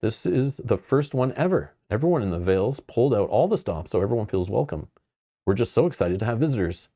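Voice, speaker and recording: Upbeat friendly young driver guy, eager to welcome, read at a card game, by a man in his own low voice. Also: sing-song, brisk, mellow.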